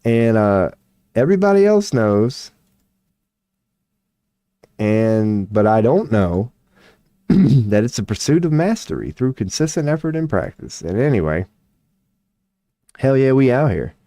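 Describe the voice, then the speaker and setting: A man live-streaming tarot readings, chatting casually and reading chat aloud, his voice going hoarse as he keeps clearing his throat. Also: mid-range voice, very animated, a little slow, long pauses, dark tone, dry recording. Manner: rambling, swears casually, laughs often, reads chat aloud.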